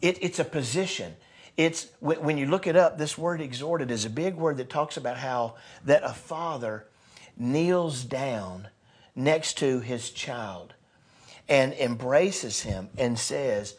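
Pastor, male, husky tone, earnest sermon delivery with swings between loud and soft. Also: medium pitch, animated, measured pace. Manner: earnest, builds to loud bursts then drops soft.

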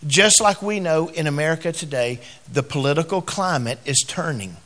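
A middle-aged pastor delivers a sermon, sharing a personal story in soft, hesitant bits. When he moves to exhortation, his voice rises in both volume and pitch.

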